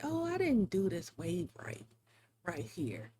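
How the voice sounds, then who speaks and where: A woman's voice: on the low side, huge pitch swings, slow pace, warm tone, husky. A woman streaming live while drawing, chatting casually in a rambling, chatty way with frequent laughs. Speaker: live-streaming digital artist.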